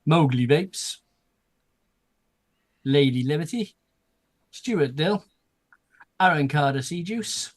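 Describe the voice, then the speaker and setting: Man calmly reading out chat names. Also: a little high, slow pace, long pauses. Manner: steady list-reading with asides. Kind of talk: casual livestream chat.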